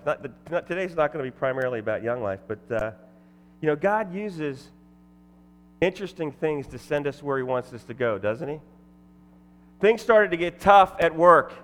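A man giving a casual, joking testimony to his old church congregation, with fillers and restarts. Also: a little high. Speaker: former elder and guest speaker at his old church. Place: church sanctuary. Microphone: headset or ear mic. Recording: long reverb of a large church.

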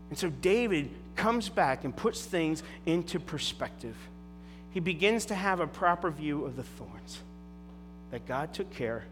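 Animated male pastor in a reverberant hall. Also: on the high side. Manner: animated storytelling with emphatic asides. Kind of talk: sermon. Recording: long hall reverb with faint music.

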